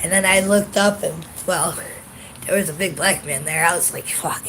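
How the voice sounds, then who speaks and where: A woman's voice: lowish voice, normal speed, a bit bright, slight background noise, low-quality recording. A woman venting in a casual vlog, blunt and profane, sounding congested, recorded outdoors on a phone camera. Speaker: vlogger.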